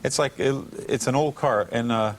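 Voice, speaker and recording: An American man of ordinary pitch, a talk-show guest who tells a story with lively energy. He acts out the people he quotes and breaks into laughter, with a faint hum of studio ambience behind him. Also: normal speed. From United States. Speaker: guest musician.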